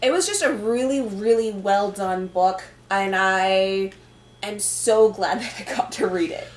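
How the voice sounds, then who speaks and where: A woman's voice: medium pitch, unhurried. A woman co-hosting a podcast, talking about comics in an upbeat, enthusiastic way. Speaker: podcast co-host. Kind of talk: casual comic review chat. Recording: roomy echo, faint noise.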